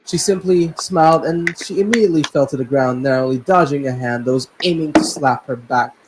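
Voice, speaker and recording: Casting: young male host, higher voice, reads a story casually and laughs at his own asides. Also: fairly quick, heavy background noise. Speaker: host and narrator. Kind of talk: casual story reading aloud.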